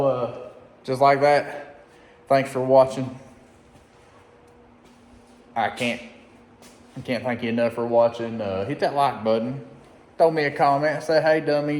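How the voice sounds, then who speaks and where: A man, chatting excitedly and folksily in a casual DIY vlog from his unfinished workshop. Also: medium pitch, normal speed, long pauses. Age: 30s. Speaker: DIY vlogger. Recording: echoey reverberant shop room.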